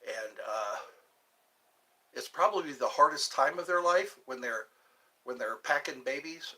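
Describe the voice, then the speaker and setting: A man's voice: mid-range voice, lively intonation, unhurried, pushed and bright. A man hosting a casual livestream, answering viewer questions in a rambling, jokey way. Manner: rambling and jokey, drifting between topics. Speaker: livestream host.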